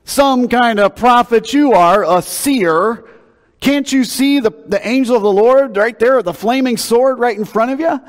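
A man's voice: very high-pitched, a little slow, pitched above the performer's own voice. A man voicing an exasperated talking male donkey who scolds his master with indignant rhetorical questions. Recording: long hall reverb.

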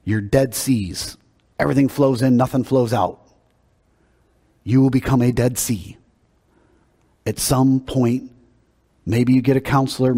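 A pastor with a warm, slightly rough, medium-pitched voice preaches a sermon in a conversational yet emphatic way. He often repeats words as he builds his point. Long hall reverb colors the recording.

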